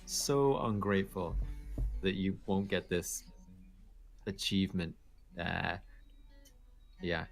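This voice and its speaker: A man's voice: low voice, level tone, slow pace, gravelly, long pauses, faint music behind. A man hosting a casual gaming podcast, teasing his co-hosts with mock-dramatic build-ups. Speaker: podcast host. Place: home studio, streaming live.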